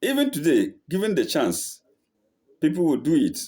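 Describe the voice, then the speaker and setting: A man gives a verse-by-verse scripture lesson. He recites each line and then translates it slowly, correcting himself and asking "eh?" as he goes. His pitch leaps up and drops widely, and his tone is dark and relaxed. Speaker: Quran teacher.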